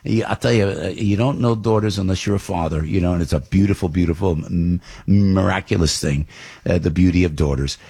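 Gravelly older New radio man. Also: low voice, brisk. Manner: rambling, animated storytelling with many restarts. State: under the weather. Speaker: radio host. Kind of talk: radio monologue storytelling.

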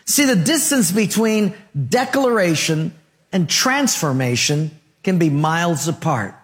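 A man's voice: on the high side, sing-song, unhurried. A man preaching a sermon as pastor, in rhythmic repeated phrases and short punchy lines, telling stories with good humor.

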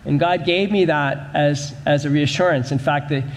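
A man's voice: a little high, fairly even intonation, normal speed, in a large hall, a little hiss or hum. A man pastor preaching a sermon in a church, with rhythmic, repetitive emphasis.

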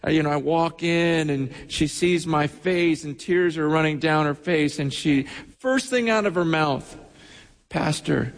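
Male pastor, sermon, animated storytelling, slightly high voice, long hall reverb. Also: unhurried, hardly any pauses. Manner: animated storytelling with repeated words and big pitch swings. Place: church sanctuary.

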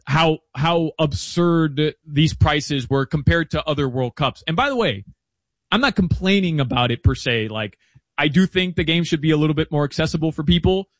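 A man chatting as a guest analyst about soccer betting, chatty and animated with quick asides. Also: on the high side, no room sound. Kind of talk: casual interview chat.

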